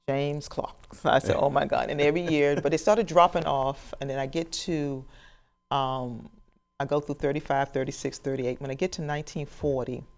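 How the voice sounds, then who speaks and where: A woman in her sixties, a professional genealogist, telling a story to an audience and acting out the conversations in it. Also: rumbling low. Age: 60s. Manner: animated storyteller who acts out dialogue and laughs.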